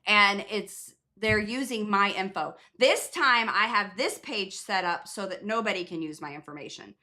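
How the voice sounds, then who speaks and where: A woman's voice: mid-range voice, moderate pace, pushed and bright. Chatty rambling woman on a livestream. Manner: chatty, rambling, many fillers and restarts. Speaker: nurse practitioner hosting a live Q&A. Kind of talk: casual livestream chat.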